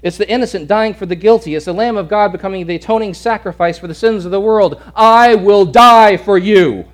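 A man preaching a sermon with a slightly high voice. He swings between booming, shouted lines and hushed, near-whispered ones, repeating words as he acts out the crowd. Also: fast talker.

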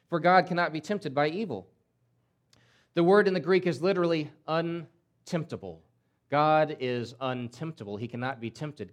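A man preaching a sermon in an emphatic way, often repeating words and acting out quoted voices. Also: a little high. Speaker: pastor.

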